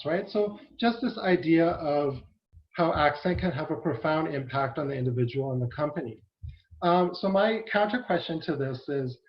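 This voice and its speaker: A man giving an academic conference presentation, earnest, often checking in with rhetorical questions. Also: on the high side. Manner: earnest, with frequent rhetorical "right?" tags. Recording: muffled lo-fi online audio.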